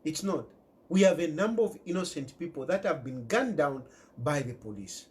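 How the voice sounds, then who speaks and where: Zambian male commentator speaking straight to camera, insistent and lively in pitch. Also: moderate pace. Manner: emphatic, repeats key phrases, mixes in local words. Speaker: political commentator. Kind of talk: impassioned direct-to-camera commentary.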